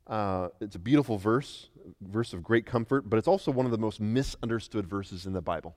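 A middle-aged man from the United States, a pastor preaching an emphatic sermon that moves between quiet and loud. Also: lowish voice, brisk. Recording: long reverb of a large hall.

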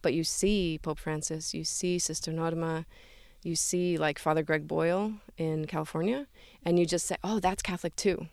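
A woman talks as an interview guest in an earnest, flowing way, dropping "like" and "right?" as she goes. Her voice sits a little low and sounds smooth. The recording is close and dry. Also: fairly even intonation, moderate pace, a little mellow, dry recording. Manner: earnest, fluent, many fillers like 'like' and 'right?'. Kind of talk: conversational interview.

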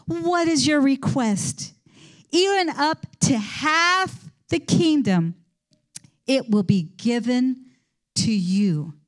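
A woman's voice: sits high, lively intonation, slow pace. A woman voicing a generous, stately male king addressing his queen. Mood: gracious. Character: gracious male king on a throne.

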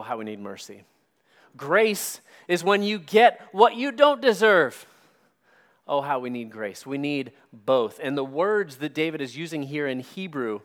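A man preaching a sermon as a pastor, stressing words slowly and dropping his voice quietly at key points. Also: on the high side.

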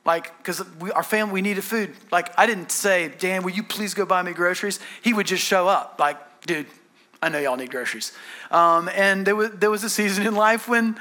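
A man's voice: sits high, steady tone, fairly quick, few pauses, bright, forceful tone. A man preaching a sermon, telling stories in a conversational way with frequent restarts. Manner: conversational storytelling with many restarts. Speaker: pastor.

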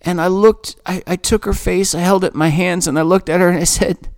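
A man recounting something personal to his listener, earnest and halting, circling back over his own words. His voice sits a little high and comes across smooth and clear. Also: steady tone. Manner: earnest, halting, with repeated phrases. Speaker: storyteller recounting a dream. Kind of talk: emotional first-person storytelling.

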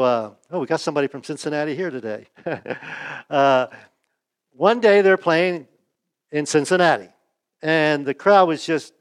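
A pastor giving a conversational sermon at a church service, often asking "right?" and acting out the quotes he reads. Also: clean tone. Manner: chatty, asks "right?" often, acts out quotes with raised pitch.

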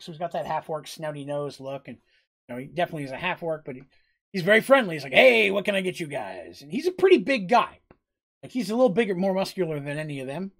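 Male game master, casual rambling narration, slightly high voice. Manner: casual, rambling, self-correcting.

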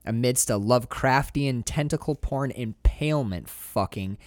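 A man co-hosting a casual film podcast, animated and profane, slipping into goofy impressions. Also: medium pitch, a little slow, no echo, clean studio sound. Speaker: podcast co-host.

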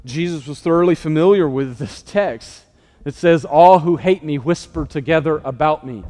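Male preacher, high-pitched, sermon delivery with emphatic swells and hushed drops, recorded with long hall reverb.

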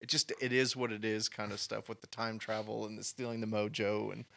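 A man co-hosting a casual movie chat, speaking haltingly with many restarts as he thinks. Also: fairly low pitch, little pitch movement, gravelly, bright, forceful tone, slight background noise. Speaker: podcast co-host.

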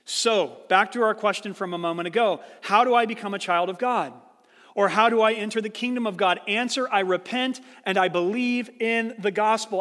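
A man with a high, light voice preaches a sermon, telling a story and voicing its people before explaining the point with earnest care. The sound carries a long reverb, as in a large hall. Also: a bit bright. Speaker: pastor.

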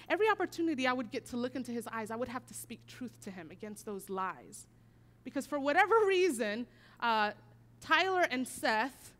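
A woman preaching a sermon, telling a personal story and moving from hushed, quiet passages to emphatic declarations. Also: sits high.

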